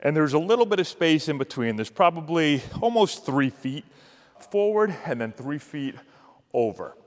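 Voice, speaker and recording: A man coaching youth agility drills, giving energetic, encouraging cues while demonstrating. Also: a little high, moderate pace, long reverb tail. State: out of breath. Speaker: baseball coach.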